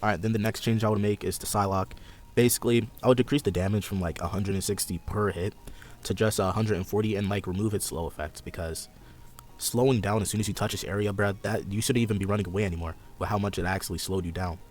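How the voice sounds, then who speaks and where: A man's voice: lowish voice, fairly even intonation, fast talker, a little mellow. A young man hosting a casual gaming chat, rambling and a bit sarcastic as he walks through his ideas. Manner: laid-back, rambling, sarcastic. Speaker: podcast host.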